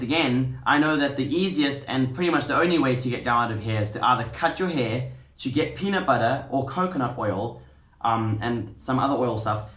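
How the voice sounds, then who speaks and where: A man's voice: medium pitch, fairly bright tone. A young man telling a camp story in a casual, rambling vlog, with lots of ums. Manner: chatty, rambling with many ums. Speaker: vlogger. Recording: echoey room.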